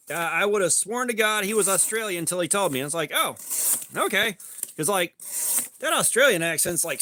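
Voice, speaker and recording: A man's voice: high voice, sharp tone, a little hiss or hum. A man hosting a casual livestream, rambling loosely with lots of "like" and some swearing, and greeting chat viewers by name. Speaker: livestream host.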